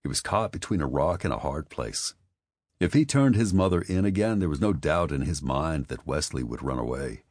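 A man reads an audiobook in an exceptionally deep voice. His delivery is measured and steady. The recording is dry and close. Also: dry recording. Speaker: audiobook narrator. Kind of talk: scripted narration.

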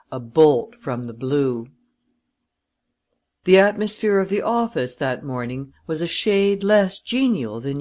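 An audiobook reader giving first-person narration of a period novel, even and steady. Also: mid-range voice.

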